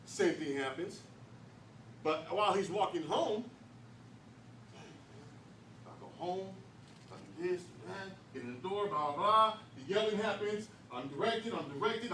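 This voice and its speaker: Animated high-voiced man speaking to a room. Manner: animated, emphatic, rhetorical questions to the audience. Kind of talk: lively motivational talk. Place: meeting room. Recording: distant echoey room with faint noise.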